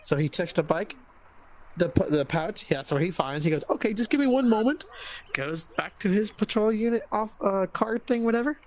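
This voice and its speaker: A man casually telling a funny anecdote to friends, with wry, sarcastic, deadpan asides. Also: high voice, moderate pace. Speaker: storyteller.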